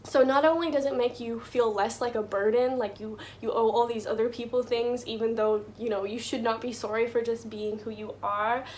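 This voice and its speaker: A woman's voice: fairly high pitch, steady tone, normal speed, few pauses, a little mellow, a little hiss or hum. A young woman giving casual life advice to her viewers, chatty and full of "like" and "you know".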